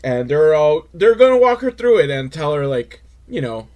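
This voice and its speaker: A man's voice: a little high, sing-song, moderate pace, a little mellow. A man hosting a comedic recap of a TV episode, talking in a wry, rambling way with lots of filler words. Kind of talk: casual comedic commentary.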